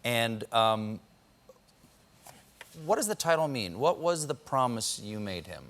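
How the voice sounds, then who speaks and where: Bright-voiced talk show host. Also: male voice, mid-range voice, big pitch swings, slow pace. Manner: playful, showman-like.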